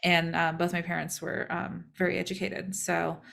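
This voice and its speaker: A chatty woman co-hosting a podcast, telling a story in a relaxed and conversational way. Her voice sits lower than most women's. She slips into the voices of the people she quotes. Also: moderate pace, vocal fry. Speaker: podcast co-host. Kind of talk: casual storytelling chat.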